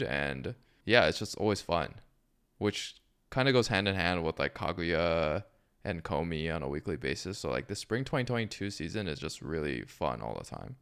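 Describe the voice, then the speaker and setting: A man with a very low, smooth, resonant voice, co-hosting a casual podcast chat. He laughs easily and speaks with relaxed enthusiasm, and his voice holds steady and full. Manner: relaxed, laughs often, enthusiastic about anime. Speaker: podcast co-host.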